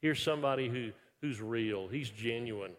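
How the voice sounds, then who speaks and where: A man from Texas, preaching a sermon in a lively, conversational way with frequent restarts, dropping soft when quoting scripture. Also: mid-range voice, normal speed. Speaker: pastor. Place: large church worship center. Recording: long reverb of a large hall.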